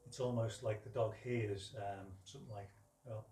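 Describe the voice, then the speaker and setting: A man teaching dog training outdoors, explaining calmly between high, sharp commands to his dog. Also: normal speed, slight background noise. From United Kingdom. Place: outdoors with ambient noise. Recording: roomy, distant from the mic, faint ambience.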